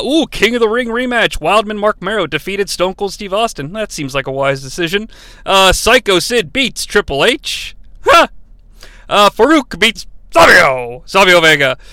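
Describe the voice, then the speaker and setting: A man's voice: high-pitched, pushed and bright, no echo. A man hosting a podcast, recapping an old broadcast in a casual way with wry, chuckling asides to his listeners. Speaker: podcast host.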